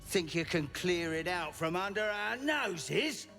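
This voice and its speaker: A gravelly bandit. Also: male voice, sits high, expressive, slow, bright, forceful tone, heavily acted. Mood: scornful. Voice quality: gravelly, contemptuous. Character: small gruff surly male bandit. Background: game music.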